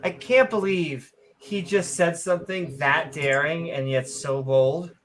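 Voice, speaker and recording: A woman's voice: deep voice, measured pace, a little hiss or hum. A woman hosting a casual livestream chat, bubbly and rambling, laughing often. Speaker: host.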